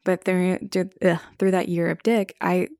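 Speaking at a measured pace in a lowish, level, darkish voice, a young woman hosts a podcast. The studio sound is clean, with no echo. She talks frankly and casually on her own, swearing freely and using "like" over and over as filler.

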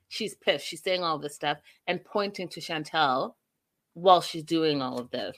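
A woman talks her viewers through a reality show episode, animated and gossipy, like chatting with friends. Her voice is bright and forward, with a lively, energetic edge. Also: low-pitched, normal speed. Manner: animated, gossipy storytelling, addresses viewers directly. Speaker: reality TV recap host. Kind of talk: casual chat recapping a show.

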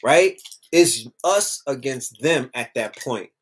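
A man delivers a casual, animated monologue packed with slang and repeated phrases, sometimes mocking other people's voices. His mid-range voice is husky and slow.

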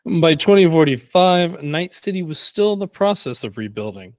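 A man co-hosting a casual podcast, reading lore notes in a steady, even way with brief banter. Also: a little high, normal speed, dry recording. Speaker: podcast co-host.

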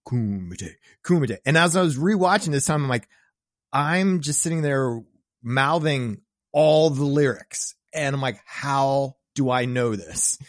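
A man's voice: a little high, dry recording, clean studio sound. A man on a podcast as a guest, chatting about a film in a jokey way and laughing often. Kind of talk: casual film chat.

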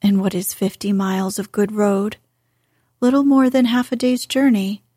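A woman reading as a formal, reserved young gentleman. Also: mid-range voice, level tone, breathy edge, no echo, studio quality, close to an everyday voice. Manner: formal, measured.

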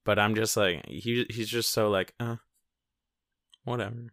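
A man's voice: lowish voice, moderate pace, fairly bright tone, no room sound. Young man co-host, jokey rambling chat, dry close sound. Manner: joking, rambling with many fillers. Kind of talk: casual chat.

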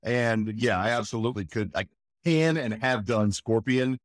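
A man's voice: medium pitch, animated, moderate pace, dry recording, studio quality. A man who works as a voice actor, chatting in an interview, enthusiastic and emphatic, often tossing in "again" and "right?". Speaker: voice actor guest. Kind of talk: casual interview chat.

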